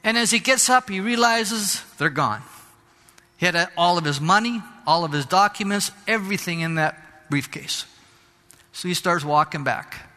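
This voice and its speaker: A man pastor delivers a fervent sermon, climbing to shouts and dropping into Spanish phrases now and then. His voice sits high and bright. It rings out with a long hall reverb behind it. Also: animated, normal speed. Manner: fervent preaching, rising to shouts.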